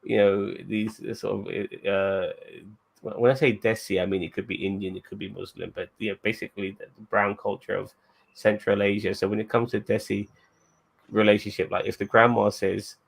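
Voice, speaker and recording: A man's voice: lowish voice, flat delivery, moderate pace, creaky. A man hosting a podcast, giving a rambling, laid-back and profane recap of a TV episode. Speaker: podcast host.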